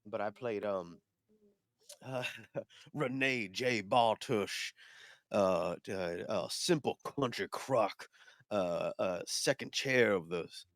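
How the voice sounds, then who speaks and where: A man co-hosting a podcast, sniffly, telling stories in a rambling, animated way full of fillers and restarts. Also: fairly low pitch, slow, no room sound, studio quality. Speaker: podcast co-host. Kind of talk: casual chat.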